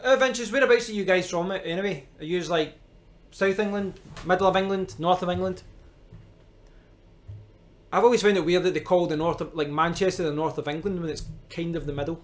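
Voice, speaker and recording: A man's voice: high-pitched, a little fast. A man with a Scottish accent chatting casually on a live stream, rambling and answering viewers' comments as he goes.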